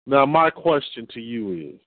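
A man's voice: mid-range voice, sing-song, no echo. Emphatic preaching man, tinny sound. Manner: emphatic, repeats and reads slowly for stress. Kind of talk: preaching lecture. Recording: tinny phone-like audio.

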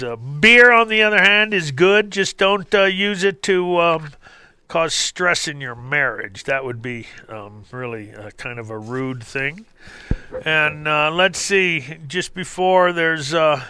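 A middle-aged man hosting a health call-in radio show, talking in an animated, jokey way. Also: a little high, clean tone, no room sound. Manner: animated, jokey, acts out voices. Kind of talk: health talk radio monologue.

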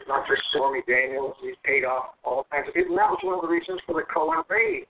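A man's voice: mid-range voice, huge pitch swings, fast, vocal fry, slight background noise. A male guest, a former officer, speaking assertively and emphatically on a political talk show. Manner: assertive, emphatic, matter-of-fact. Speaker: guest, military veteran. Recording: tinny phone-line audio.

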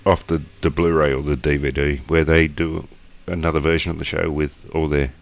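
A man's voice: a bass voice, little pitch movement, a little fast, creaky. A man with an Australian accent, co-hosting a podcast in casual, crude and joking chat. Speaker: podcast co-host.

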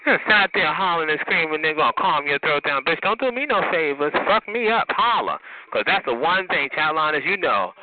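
A man's voice: a little high, very animated, brisk. A man hosting a community call-in show, delivering a heated, profane, taunting rant at a caller, sprinkling in "honey" and "bitch.". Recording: noisy phone-line audio.

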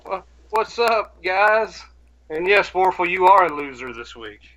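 A man's voice: sits high, expressive, measured pace, fairly bright tone, poor audio. A man co-hosting a casual podcast with a throat ailment, joking crudely. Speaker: podcast co-host.

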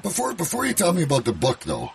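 A man from Canada hosting a live radio chat, rambling excitedly with stammered restarts. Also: a little high, quick pace, vocal fry, over a noisy crowd. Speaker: radio show host.

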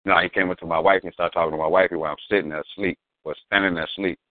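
A low-voiced man tells a rambling, profane anecdote thick with slang and mystical asides. The audio is narrow and phone-like, and it sounds completely dry, with no echo. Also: fairly even intonation, racing. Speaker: storyteller guest. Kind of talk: casual storytelling.

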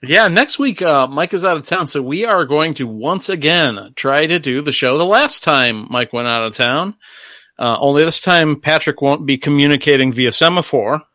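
A man's voice: on the high side, expressive, moderate pace, pushed and bright, dry recording, studio quality. A man co-hosting a podcast, casually announcing next week's show and the call-in line. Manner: easygoing, laughing. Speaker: podcast co-host.

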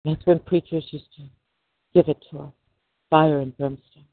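A man's voice: on the high side, steady tone, normal speed, gravelly, dry recording. A middle-aged man, a podcast host, giving a preachy religious monologue full of rhetorical questions. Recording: dry, tinny phone-line sound.

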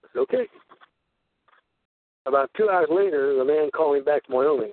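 A man's voice: fairly high pitch, lively intonation, fairly quick, pauses often. An older man hosting a radio show, telling long rambling stories and acting out the voices of the people in them. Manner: rambling storyteller, acts out voices in quotes. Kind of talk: conspiracy talk radio monologue. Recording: tinny phone-line radio sound.

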